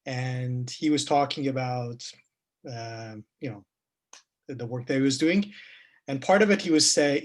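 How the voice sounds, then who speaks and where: A man's voice: medium pitch, measured pace. Hesitant man hosting a virtual talk. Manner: hesitant, many fillers and restarts. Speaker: host of a virtual meetup. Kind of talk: asking interview questions.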